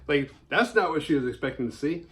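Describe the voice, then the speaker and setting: Male host recapping a horror movie, loose and profane, jumps into silly character voices. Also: brisk. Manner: animated, profane, acts out characters' lines in high voices. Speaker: horror film reviewer. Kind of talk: casual film recap.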